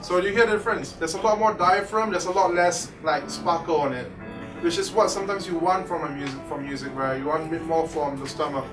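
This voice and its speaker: A man leading a home-recording workshop, explaining mic technique in a loose, rambling way full of "like". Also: a little high. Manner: casual, rambling, filler-heavy explanations. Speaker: workshop instructor. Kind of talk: live recording workshop demo. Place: music store workshop room.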